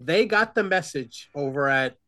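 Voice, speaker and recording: A man's voice: fairly high pitch, lively intonation, normal speed, bright, forceful tone. A man co-hosting a podcast in casual chat, rambling through his opinions with many restarts and wry complaints. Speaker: podcast co-host.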